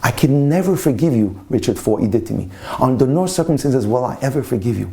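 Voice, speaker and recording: A man's voice: mid-range voice, animated, fast talker, creaky, warm tone. A man voicing a stern older rabbi who heads a yeshiva, speaking in an insistent way. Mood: angry.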